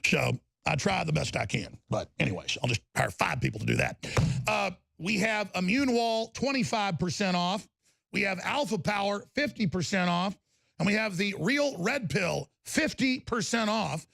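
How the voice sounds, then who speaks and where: A middle-aged man hosting a live talk radio show, ranting angrily and repeating himself, mixed with product pitches. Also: big pitch swings, moderate pace, creaky, fairly bright tone, dry recording. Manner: angry, aggressive, repetitive ranting.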